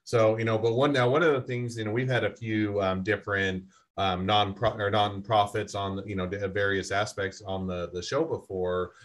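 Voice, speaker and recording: Low-voiced man hosting a podcast. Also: little pitch movement, normal speed, hardly any pauses. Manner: thoughtful, rambling with fillers. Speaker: podcast host. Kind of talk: interview conversation.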